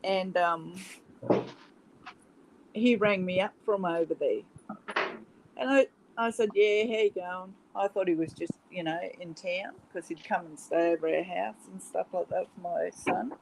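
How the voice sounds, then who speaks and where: A woman's voice: on the low side, unhurried, creaky, slight background noise, low-quality recording. A middle-aged woman with an Australian accent, hosting a casual chat, telling stories and laughing often. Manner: chatty, laughs often, storytelling. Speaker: host.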